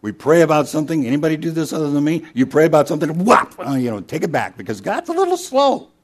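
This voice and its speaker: A man's voice: fairly high pitch, big pitch swings, quick pace. Conversational man preaching a sermon. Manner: conversational storytelling, asks the congregation questions. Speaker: pastor.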